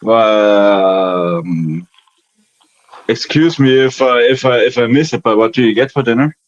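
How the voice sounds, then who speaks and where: A man's voice: fairly low pitch, a little slow. A man chatting casually on a live stream panel from home, rambling with lots of fillers and restarts. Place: home in Germany. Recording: dull lo-fi stream audio.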